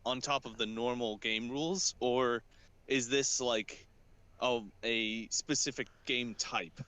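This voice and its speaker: A man's voice: medium pitch, steady tone, takes it slowly, bright, forceful tone, clear, resonant tone. A man co-hosting a casual podcast chat who keeps asking follow-up questions. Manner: inquisitive, asks follow-up questions. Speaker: podcast co-host.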